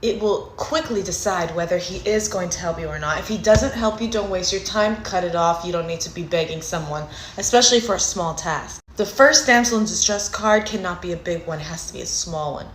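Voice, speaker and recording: A woman's voice: fairly low pitch, brisk, few pauses, a little hiss or hum. Woman, sassy advice-giver, instructive and confident; echoey room recording. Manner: sassy, instructive, ends points with "okay?". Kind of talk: casual advice talk to camera.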